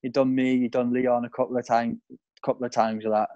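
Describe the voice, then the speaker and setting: Brief: mid-pitched man, dry and dull lo-fi sound, easygoing teammate telling anecdotes. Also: fairly quick, no echo. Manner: relaxed storytelling with ums and repeated words. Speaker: former teammate. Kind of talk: reminiscing interview.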